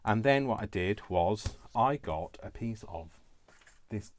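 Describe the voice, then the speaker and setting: A man's voice: fairly low pitch, animated, takes it slowly, a little hiss or hum. A middle-aged man hosting a casual crafting tutorial, rambling and mocking himself with chuckles.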